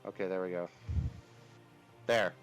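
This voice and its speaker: A man's voice: low-pitched, fairly even intonation, unhurried, low-quality recording. Guy running a tabletop game, casual and a bit sweary, some music in the background. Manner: casual, swears when frustrated. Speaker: game master.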